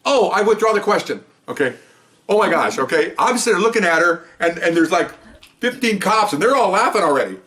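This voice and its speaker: A retired police officer in his sixties, telling a courtroom anecdote in a jokey, animated, chuckling way. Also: high voice, brisk.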